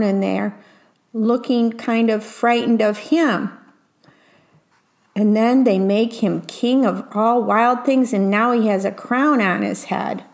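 Woman, storybook reader, slow pace, fairly high voice, gentle, describes the pictures. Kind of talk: reading a picture book aloud and describing the pictures.

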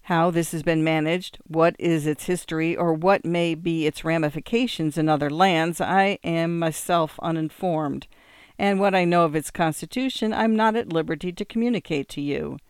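A man reads out a bitter young man in despair, his lines rising with feverish intensity. The voice is smooth and resonant. The sound is dry and close. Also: fairly high pitch, normal speed, no echo, close to an everyday voice. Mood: persuasive. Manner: intense, rising theatrical delivery.

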